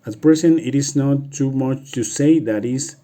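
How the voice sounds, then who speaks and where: A man voicing a secretive, imposing masked nobleman in a read-aloud story, with halting restarts. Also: mid-range voice, warm tone, lightly acted. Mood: guarded.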